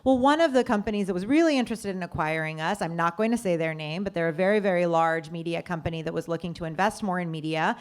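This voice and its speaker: A woman's voice: quick pace, hardly any pauses. A woman co-founder telling an anecdote in an interview, acting out the voices of the people she quotes. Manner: lively storyteller acting out quoted voices with big pitch jumps. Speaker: company co-founder, interview guest.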